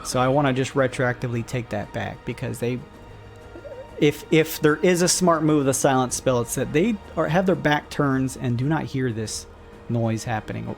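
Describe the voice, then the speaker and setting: A man's voice: medium pitch, normal speed, vocal fry, faint music behind. Laid-back man running a tabletop game. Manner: relaxed, rambling with many fillers. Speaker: game master. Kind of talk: casual online tabletop game narration.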